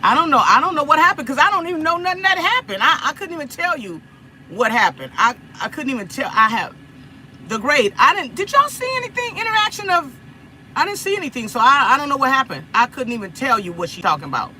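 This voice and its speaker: A woman from Los Angeles hosts a casual phone livestream and talks straight to her viewers. Her voice sits high and bright. She repeats herself, laughs a lot, and a faint noise runs underneath. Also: big pitch swings, fast talker, poor audio. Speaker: livestream host.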